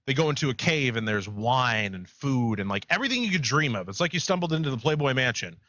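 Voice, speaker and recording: A man co-hosting a podcast, retelling a myth in a rambling, animated way. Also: mid-range voice, quick pace, dry recording, lo-fi sound. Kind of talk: casual chat, storytelling.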